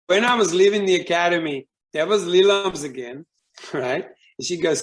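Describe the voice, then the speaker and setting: A man's voice: high voice, moderate pace. A man speaking as a guest, telling a personal story in a casual, rambling way with many fillers and restarts.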